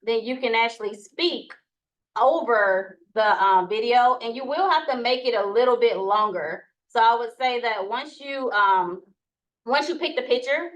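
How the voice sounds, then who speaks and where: Woman, Southern US accent, presenter, relaxed, higher pitch. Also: a little slow, highs cut off. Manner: relaxed, many fillers. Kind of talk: casual how-to talk.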